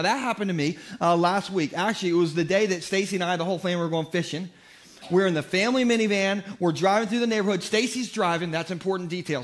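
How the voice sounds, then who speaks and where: A man preaching a sermon as pastor, telling comic, self-deprecating stories in an animated way. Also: sits high. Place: church.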